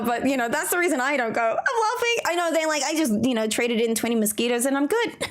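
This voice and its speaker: Young woman, Australian accent, high voice, giggly, rambling casual chat, streamer. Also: lively intonation, quick pace. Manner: chatty, giggly, rambling with restarts. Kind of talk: casual chat while gaming.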